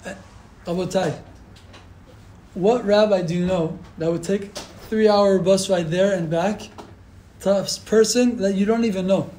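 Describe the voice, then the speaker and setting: A man's voice: high voice, measured pace, dark tone, slight background noise, poor audio. A man, a rabbi, telling stories in a sermon, acting out the quotes with feeling and mixing in Hebrew terms. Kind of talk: storytelling sermon.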